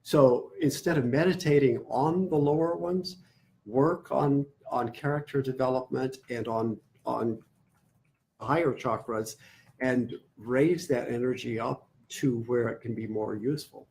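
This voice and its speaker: A man teaching meditation in a class, speaking deliberately and repeating words while he searches for the next one. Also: medium pitch, gravelly, darkish tone. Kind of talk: class lecture.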